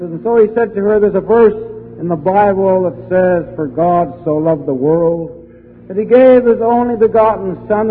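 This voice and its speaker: A man preaching a fervent evangelistic sermon to a room, slowing down and stressing key words. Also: sits high, a little hiss or hum. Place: hall with an audience. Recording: phone-like old recording in a long-reverb hall.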